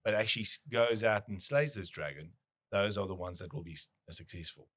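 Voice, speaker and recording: Brief: male podcast host, low voice, easygoing, restarts his sentences a lot. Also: a little fast. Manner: relaxed, restarts often, thinks aloud. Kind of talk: casual business chat.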